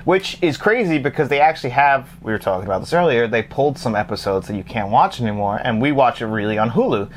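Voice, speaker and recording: A man in a middle pitch, talking casually as co-host and joking with his partner. He laughs often and gets animated. A faint noise hums behind him. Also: fast talker, few pauses. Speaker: co-host of a physical media show. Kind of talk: casual chat.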